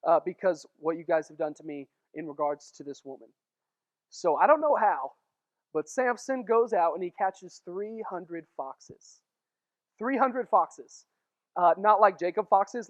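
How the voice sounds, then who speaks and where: A young man giving a casual sermon to a youth group, telling the story with jokes and quick acted asides. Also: sits high, highs cut off. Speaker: youth pastor.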